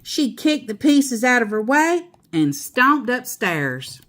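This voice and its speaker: A woman reading a children's picture book aloud in a slow, expressive storyteller voice. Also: high voice. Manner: slow, expressive, laughing asides.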